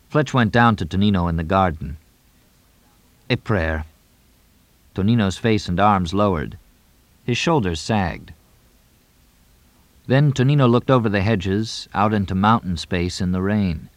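A man narrating a novel audiobook in a measured, even way. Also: on the low side, no echo. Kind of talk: scripted narration.

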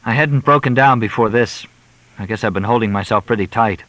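A man giving voice to a young clerk worn down by grief and bitterness. He answers in short, flat replies, and the voice sits low and bright in a dry, close space. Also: brisk, no room sound, lightly acted, poor audio. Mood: flat, weary.

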